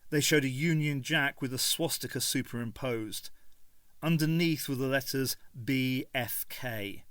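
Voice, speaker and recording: A man reading a novel aloud in an expressive, storytelling manner. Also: mid-range voice, a little slow, smooth, no room sound. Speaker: audiobook reader.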